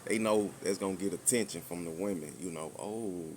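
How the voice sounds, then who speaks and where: A man's voice: low-pitched, fairly quick, darkish tone, slight background noise. A man co-hosting a podcast, talking in a laid-back, drawling way full of fillers. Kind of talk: casual podcast chat.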